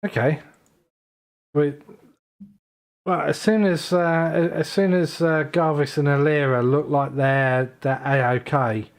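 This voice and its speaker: A man's voice: fairly high pitch, steady tone, slow pace. Hesitant man playing a tabletop game. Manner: hesitant, restarting, thinking aloud. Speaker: player. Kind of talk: tabletop role-play chat.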